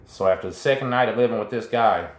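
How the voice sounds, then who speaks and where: Talking fast in a voice on the low side, a middle-aged host recounts his own story in a casual, slangy style directly to viewers. The room sounds echoey.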